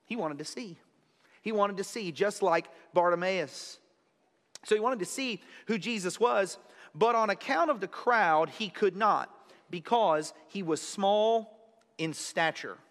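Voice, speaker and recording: A man with a high voice preaches a sermon as a pastor. He explains in a relaxed, conversational way and repeats key lines to drive them home. His voice rings with the long reverb of a large hall. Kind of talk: expository sermon.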